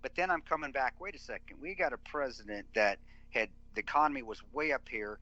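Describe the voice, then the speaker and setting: A man's voice: mid-range voice, expressive, a little fast, pushed and bright, no echo, highs cut off. A man talking on a podcast as a veteran guest, emphatic and rambling with many restarts. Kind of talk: casual podcast conversation.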